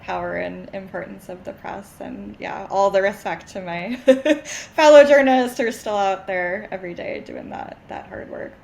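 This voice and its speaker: A woman's voice: mid-range voice, moderate pace, vocal fry, darkish tone, poor audio. A woman, a copywriter, chatting as a guest on a podcast in an upbeat, self-deprecating way. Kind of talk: casual podcast interview.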